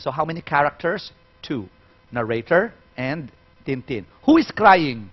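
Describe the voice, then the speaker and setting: A man's voice: fairly high pitch, animated, normal speed. A man leading a storytelling workshop in a playful, demonstrative way, quizzing his audience. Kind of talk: interactive workshop lecture. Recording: muffled, dull recording.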